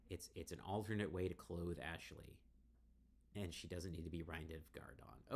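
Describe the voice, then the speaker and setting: A man with a deep, low voice commenting on a text adventure as he plays it. He talks through his choices out loud, playful and growing more excited as he goes. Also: moderate pace, gravelly. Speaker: game streamer. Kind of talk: let's play commentary.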